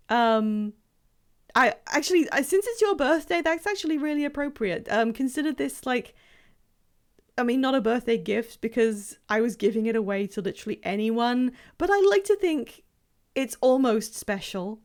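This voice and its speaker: A woman's voice: a little high, expressive, normal speed. A young woman streaming a game live, chatting casually and playfully with viewers, rambling with fillers and laughing often. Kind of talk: casual live-stream chat while gaming.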